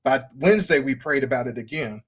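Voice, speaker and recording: A man's voice: mid-range voice, animated, a little fast, slightly rough. A man hosting a podcast, talking about faith in a fervent, sermon-like way with lots of repetition. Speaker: podcast host. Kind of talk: preaching-style podcast chat.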